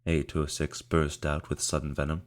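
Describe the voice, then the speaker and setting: A male audiobook narrator with a very low, deep voice. He reads in a measured, steady way, drawing out key phrases as the story goes along. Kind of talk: scripted narration.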